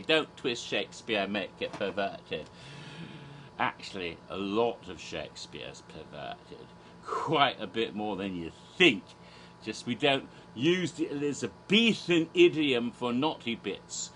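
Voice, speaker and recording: A man's voice: on the low side, big pitch swings, measured pace, fairly bright tone, a little hiss or hum. A man from Asia, an American English speaker talking in a fake British accent, rambling theatrically with silly asides. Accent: put-on British accent. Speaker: horror theme park vlogger. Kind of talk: rambling casual commentary in a persona.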